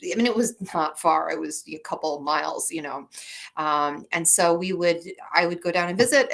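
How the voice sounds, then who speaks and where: A woman from Michigan chats through an interview as the guest author. Her voice sits fairly low but sounds bright and forceful. She rambles warmly through her stories, full of fillers and restarts. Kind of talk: casual interview storytelling.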